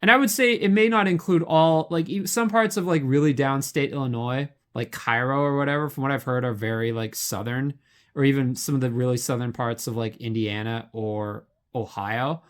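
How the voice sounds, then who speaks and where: A man's voice: mid-range voice, steady tone, normal speed, fairly bright tone. Rambling young man, casual monologue. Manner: rambling, filler-heavy, lots of "like" and restarts. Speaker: video essayist.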